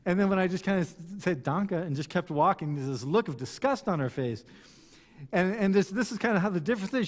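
A male pastor giving a sermon in a conversational, storytelling way with frequent restarts. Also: sits high. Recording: long hall reverb.

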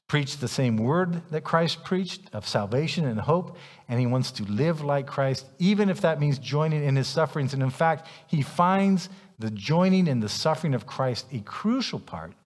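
A man preaching a sermon as pastor, emphatic and challenging his congregation directly, heard in a church sanctuary. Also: medium pitch. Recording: long reverb of a church hall.

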